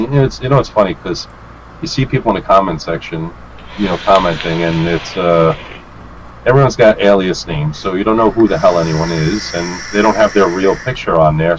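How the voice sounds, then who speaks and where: A man with a fairly low voice tells a rambling story in a relaxed, chatty way. He jumps into other people's lines, swears freely and laughs along as he goes. A faint hiss sits under the recording. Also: poor audio. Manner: animated, acts out quotes with swearing and laughs. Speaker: guest, vape reviewer. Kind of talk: casual storytelling chat.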